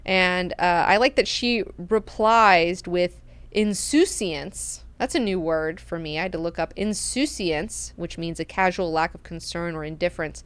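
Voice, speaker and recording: A woman hosting a book club, recapping chapters in an animated, slangy, profane way. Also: lowish voice, a little slow, clear, resonant tone, no echo.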